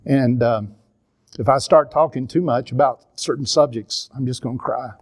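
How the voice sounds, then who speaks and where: Older man with a Southern drawl, mid-pitched, for a church seminar speaker sharing candid family stories. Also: moderate pace. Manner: earnest storytelling, confessional. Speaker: minister and counselor teaching a seminar.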